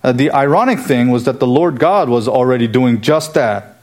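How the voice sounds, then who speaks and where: A man's voice: mid-range voice, moderate pace, a little mellow. A man preaching an earnest expository sermon, asking emphatic rhetorical questions as he explains a scripture passage verse by verse.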